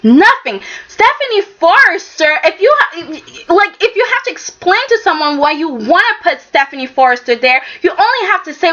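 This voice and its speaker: Emphatic high bright-voiced woman, lo-fi. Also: sing-song, moderate pace. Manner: emphatic, exasperated, keeps asking "okay?". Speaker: soap opera reviewer. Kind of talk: casual opinionated review. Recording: dull lo-fi sound.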